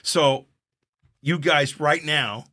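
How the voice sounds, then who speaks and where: With a voice that's a little high and words drawn out, an older male comedian guesting on a podcast tells stories in a casual chat. He's animated, acting out each line of dialogue, and the studio-quality recording has no echo.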